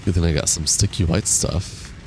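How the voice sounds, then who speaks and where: A man with a deep, steady, somewhat mellow voice live-streams a game, chatting casually with viewers and answering them in a laid-back way at a moderate pace. He has the hiccups. Game music is clearly audible behind him, along with slight background noise.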